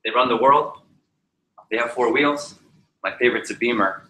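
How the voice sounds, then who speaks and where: An energetic man gives a training seminar talk on public speaking, quizzing the audience as he goes. His mid-range voice is bright and forceful at a moderate pace, echoing off the walls of an indoor training room with faint ambience behind it.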